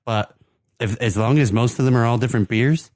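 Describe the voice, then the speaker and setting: A man's voice: medium pitch, brisk, darkish tone, no echo. An American man co-hosting a casual podcast, giving rambling, filler-laden explanations as he presents a beer. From United States. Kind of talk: casual chat.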